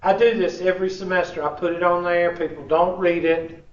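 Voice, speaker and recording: A casual man teaching a college class, his voice sitting high, steady, and brisk. He jokes and drawls "y'all" through the instruction, and the classroom is captured from a distance, giving an echoey, dull sound.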